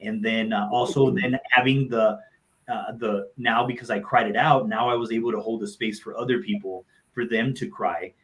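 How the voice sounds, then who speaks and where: A man's voice: fairly low pitch, steady tone, normal speed, a bit bright, low-quality recording. A man, a motivational speaker and coach, telling personal stories on a live talk show in a heartfelt, earnest way and repeating phrases for emphasis.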